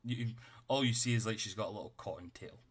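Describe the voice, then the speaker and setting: A male game master with a low voice narrating a tabletop scene. He talks loosely, with plenty of fillers and casual swearing. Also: quick pace, slightly rough.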